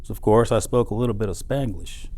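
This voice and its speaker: A man's voice: on the low side, brisk, darkish tone. A middle-aged man from South Texas, telling personal stories in a motivational speech, with punchy emphasis on key words. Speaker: motivational speaker. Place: event hall.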